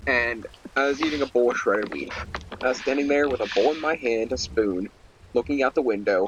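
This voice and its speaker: A man's voice: mid-range voice, fairly bright tone, lo-fi sound, slight background noise. A young man giving casual gameplay commentary while ranting in an irritated, rambling way, full of "like" fillers. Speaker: Let's Play commentator.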